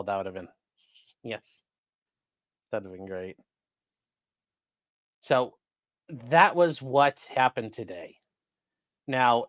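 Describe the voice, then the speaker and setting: Brief: male livestream host, sarcastic and rambling, dry close sound, mid-pitched. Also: fairly bright tone, no room sound. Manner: sarcastic, rambling, talks to chat. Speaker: host of a live-streamed legal news show. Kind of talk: casual livestream commentary.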